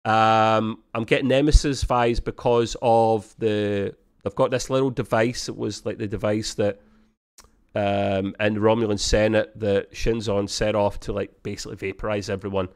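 A man co-hosting a casual review podcast, rambling with many ums and acting out quotes in high voices. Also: steady tone, normal speed, clear, resonant tone. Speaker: podcast co-host.

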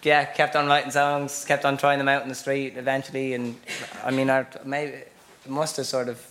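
A man's voice: mid-range voice, level tone, moderate pace, a bit bright, slight background noise. A musician, a man, chatting on stage in a hesitant way, with many fillers and easy laughs. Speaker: musician guest. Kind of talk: casual chat on stage.

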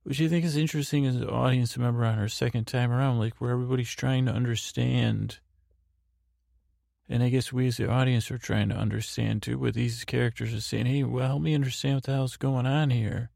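Mężczyzna o bardzo chropawym głosie. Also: male voice, medium pitch, steady tone, brisk, gravelly, darkish tone, dry recording, clean studio sound. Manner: meandering, full of restarts and fillers. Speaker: podcast host. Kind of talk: rambling bedtime podcast recap.

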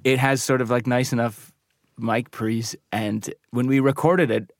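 A man's voice: medium pitch, fairly even intonation, measured pace, no echo. A man, a recording engineer telling studio stories in a casual interview, with many restarts and asides. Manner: rambling anecdotes with laughs and restarts. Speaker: recording and mixing engineer, guest.

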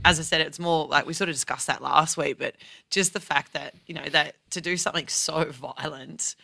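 An Australian man co-hosts a sports podcast, emphatic and slangy in his delivery. His voice is bright and a touch high. The sound is dry and close. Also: fairly even intonation, normal speed, vocal fry, no echo. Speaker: co-host. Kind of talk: casual sports podcast chat.

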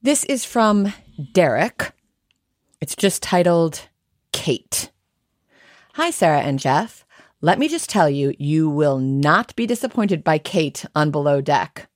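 An American woman co-hosting a podcast in casual chat, animated and chatty, reading listener messages aloud. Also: deep voice, slow, no echo, studio quality. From United States. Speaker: podcast co-host.

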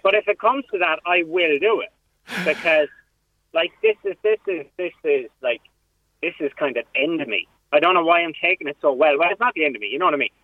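A man's voice: fairly high pitch, expressive, a little fast, no room sound. Man on a tinny phone line. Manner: rambling, self-mocking, restarts often. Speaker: comedian on a phone-in. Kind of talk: casual radio phone interview.

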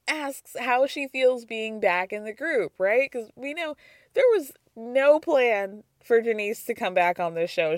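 A woman with a cold hosts a casual recap, her voice sitting a little high. She gossips, laughs often and acts out quotes. The sound is close and dry. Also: no echo. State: has a cold. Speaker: podcast host.

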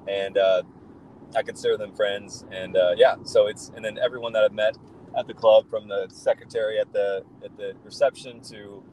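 Low-voiced man, chatty and enthusiastic. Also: level tone, normal speed, darkish tone, a little hiss or hum, low-quality recording. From United States. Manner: rambling, enthusiastic storytelling with many fillers. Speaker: guest, football fan. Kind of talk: casual podcast chat.

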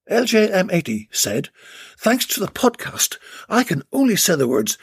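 A man's voice: high-pitched, huge pitch swings, normal speed, a little hiss or hum. A man hosting a comic podcast, reading out listener posts and reviews with cheeky, mock-dramatic asides. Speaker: podcast host.

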